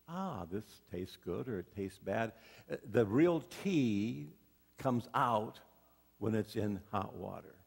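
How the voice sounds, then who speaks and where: A man's voice: medium pitch, vocal fry. A man preaching a sermon as pastor, telling folksy stories and asking the congregation questions. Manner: folksy storytelling with rhetorical questions. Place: church sanctuary. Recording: long hall reverb.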